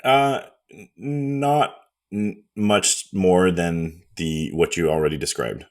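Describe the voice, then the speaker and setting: A man chatting casually as a podcast co-host. His voice sits very deep. He answers in relaxed, halting sentences with plenty of fillers. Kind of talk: casual chat.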